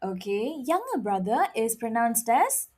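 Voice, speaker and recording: Lady teaching vocab, bouncy upbeat tone, takes it slow, lots of repeating. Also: a little high, very animated, darkish tone. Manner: upbeat, drills words with rising repetition. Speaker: Mandarin teacher. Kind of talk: playful language lesson.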